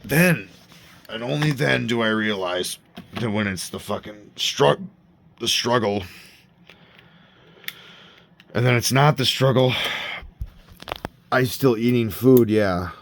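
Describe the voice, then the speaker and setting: A man's voice: medium pitch, unhurried, gravelly, long pauses, a little hiss or hum. A man rambling and ranting in a personal vlog, swearing often and breaking off his own sentences. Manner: rambling, profane, self-interrupting. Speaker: vlogger.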